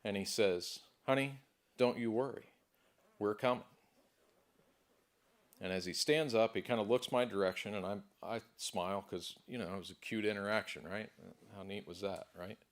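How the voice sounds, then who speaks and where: A man's voice: lowish voice, steady tone, a little fast, hardly any pauses. A man giving a motivational stage speech at a conference, emphatic and repetitive, building in intensity. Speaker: motivational speaker. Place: conference hall.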